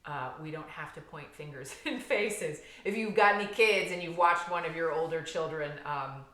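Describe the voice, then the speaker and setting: A woman therapist guiding a somatic healing exercise, calm and gentle, explaining step by step with frequent fillers. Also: sits low, normal speed, reverberant.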